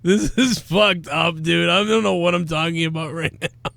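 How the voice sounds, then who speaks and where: A man's voice: on the high side, normal speed, creaky, bright, forceful tone. An American man hosting a show, rambling and swearing in casual banter. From United States. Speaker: podcast host.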